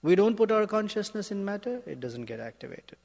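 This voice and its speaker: A male spiritual teacher giving a sermon in a measured, emphatic way, often asking rhetorical questions. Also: high voice, sing-song, gravelly, a little mellow. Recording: long hall reverb.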